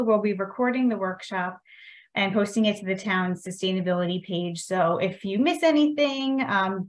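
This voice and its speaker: Woman hosting a town workshop. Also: medium pitch. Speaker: town staff host introducing speaker. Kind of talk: event introduction.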